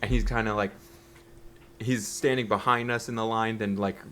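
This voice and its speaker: A man's voice: fairly low pitch, steady tone, moderate pace, a bit bright, slight background noise. A man on a podcast telling a story in a rambling, profane way, acting out the people in it. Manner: rambling, profane, acts out quotes. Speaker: podcast co-host. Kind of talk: casual storytelling.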